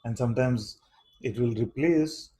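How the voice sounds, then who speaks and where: A man teaching seekers at a satsang in a soft, dark, slightly husky voice. He speaks at an unhurried pace and keeps turning his points into questions, often asking "you see?". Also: medium pitch, low-quality recording. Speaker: spiritual teacher.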